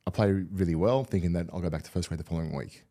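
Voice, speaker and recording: Fast-talking deep man. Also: warm tone. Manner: candid, rambling with many restarts. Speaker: guest, retired rugby league player. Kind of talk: casual storytelling interview.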